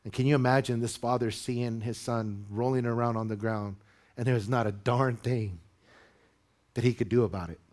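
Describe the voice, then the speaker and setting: A male pastor preaching to his congregation in church, moving from measured teaching into loud, high-pitched exhortation. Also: fairly even intonation. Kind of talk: sermon.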